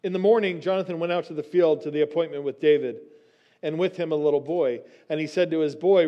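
Conversational pastor, slightly high voice. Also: male voice, quick pace, muffled recording. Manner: conversational teaching with frequent restarts and "right?" asides. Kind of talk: sermon.

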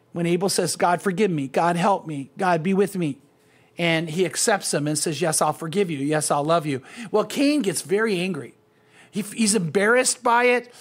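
A man, a pastor, giving an earnest, conversational Bible teaching and speaking directly to his listeners. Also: sits high.

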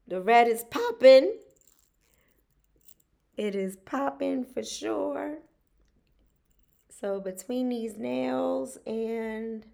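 Woman host, slow and heartfelt, livestream chat. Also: a little high, vocal fry. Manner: warm, emotional, drawls words out. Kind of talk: casual livestream talk.

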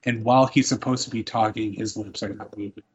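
A man's voice: on the low side, steady tone, brisk, breathy edge, low-quality recording. A man co-hosting a podcast, telling amused, profane stories about wrestling segments. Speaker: podcast co-host. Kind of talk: casual wrestling recap chat.

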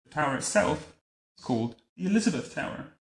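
A man reading a picture book aloud to a child at home, adding wry, deadpan comments between the lines. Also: fairly high pitch, fast talker. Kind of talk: bedtime story reading with joking asides. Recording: roomy echo.

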